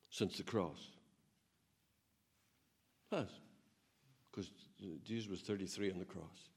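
A man with a husky voice preaches a sermon, swinging between loud, emphatic peaks and low, quiet asides. He chuckles now and then and laughs while telling stories.

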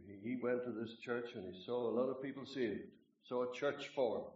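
A Northern Irish man preaches to a hall in a folksy, joking way, leaning hard on the scripture he reads. His voice sits fairly low and comes from well off the microphone, with a roomy, dull sound. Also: moderate pace, distant mic. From Northern Ireland. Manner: folksy and joking, emphatic when reading scripture. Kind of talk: sermon. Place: meeting hall, speaking away from the mic.

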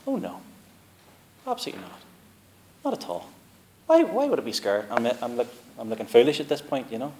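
A man's voice: medium pitch, huge pitch swings, fairly quick, long pauses, a little mellow, a little hiss or hum. A man voicing his elderly grandmother in a hospital bed, brushing off the idea of being afraid in a light, reassuring way.

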